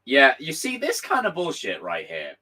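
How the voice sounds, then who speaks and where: A young man hosts a casual live stream, reading viewer messages in a hoarse, worn voice. His pitch swings widely as he gets excited, and he swears freely and sometimes breaks into shouts. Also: moderate pace, poor audio. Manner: animated, swearing, bursts into shouts.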